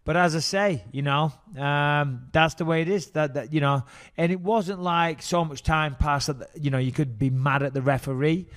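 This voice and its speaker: Brief: middle-aged English man, podcast co-host, rambling storyteller who swears freely, voice a touch high. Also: moderate pace, few pauses. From England. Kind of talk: casual podcast chat.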